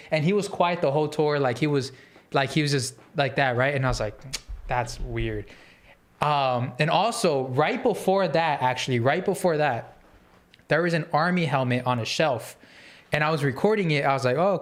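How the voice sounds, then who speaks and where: Podcast host, man, fairly high voice, animated rambling storyteller. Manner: animated, rambling with fillers and restarts. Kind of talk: casual storytelling.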